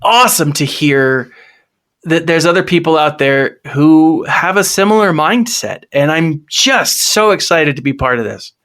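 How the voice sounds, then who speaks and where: A man's voice: a little high, expressive, unhurried, a bit bright. A man appearing as a guest on a podcast, talking earnestly and enthusiastically in casual chat. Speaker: podcast guest, video creator.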